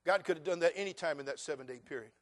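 Man, pastor, middle-aged, high-pitched, folksy, emphatic sermon delivery. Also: very fast. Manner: folksy storytelling, rising to loud emphatic preaching.

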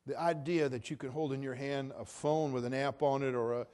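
A man preaching a sermon in a conversational way, with humorous asides and swings from quiet remarks to emphatic declarations. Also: medium pitch, fairly even intonation, brisk. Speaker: pastor.

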